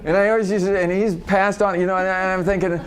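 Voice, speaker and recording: A man's voice: high voice, level tone, quick pace. A middle-aged man speaking live to an audience at a workshop. He talks in a conversational way, laughs often and restarts his sentences.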